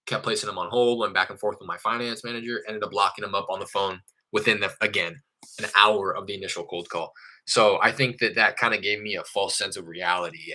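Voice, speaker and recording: A young man with a low-pitched voice and a strikingly bright, forceful tone. He talks casually and candidly in a vlog style, walking through his work. Now and then he acts out lines from his phone calls. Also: low-quality recording. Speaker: real estate wholesaler vlogger.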